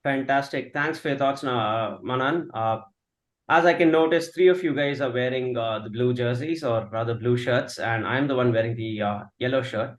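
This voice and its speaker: A man at a mid pitch, hosting a podcast in a jokey, easygoing way. He leans on plenty of fillers as he brings each guest in. The audio is roomy and comes over a video call. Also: normal speed. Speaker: podcast host. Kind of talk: casual podcast chat.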